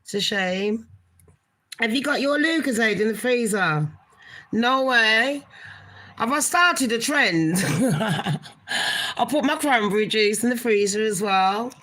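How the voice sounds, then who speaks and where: A woman's voice: on the high side, lively intonation, slow, long pauses, a bit bright, poor audio. A woman hosting a casual gossip live stream, chatting with viewers and swearing now and then. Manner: chatty, swears, talks to viewers as honey pot. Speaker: gossip channel host.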